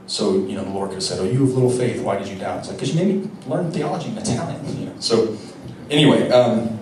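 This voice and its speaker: A man's voice: fairly low pitch, background noise. A young man giving a conversational homily, telling a personal story with casual, wry asides and frequent restarts. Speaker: preacher. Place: large echoey church. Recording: echoey church from far off.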